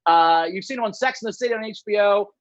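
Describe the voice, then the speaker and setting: A male host hypes up the next comic, rattling off his credits at a quick clip. His voice comes through dull and dry, like low-fidelity call audio. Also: no room sound. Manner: hype-man announcing. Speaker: show host introducing a comedian. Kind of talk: comedy show introduction.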